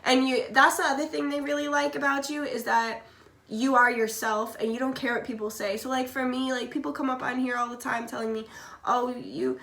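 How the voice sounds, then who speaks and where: A woman with a high, fairly bright voice and little pitch movement gives a casual tarot reading at a brisk pace. She's blunt and chatty, swearing freely and coughing now and then because she's sick, recorded in an echoey room with faint background noise.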